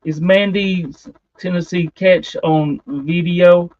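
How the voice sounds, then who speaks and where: A man with a notably high voice hosts a casual livestream chat, rambling and hesitating between thoughts. The sound is dry and close, with a dull, lo-fi tone. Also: fairly even intonation, slow, a little mellow, no echo. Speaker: livestream host.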